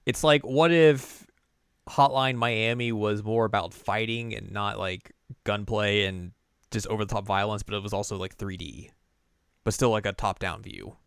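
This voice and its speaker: A man's voice: lowish voice, steady tone, normal speed, creaky, fairly bright tone, clear, resonant tone, no echo. A man co-hosting a podcast in casual chat, laid-back and chatty, with dry asides and chuckles. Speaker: podcast co-host.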